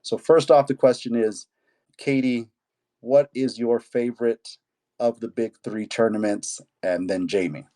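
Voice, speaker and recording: A man's voice: mid-range voice, fairly even intonation, measured pace, mellow. A man hosting a podcast as a jiu jitsu coach, talking in an easygoing casual way.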